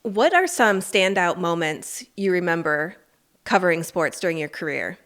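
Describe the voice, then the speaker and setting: A woman hosting a podcast, asking interview questions in a measured, encouraging way. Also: lowish voice, animated, a bit bright. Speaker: podcast host.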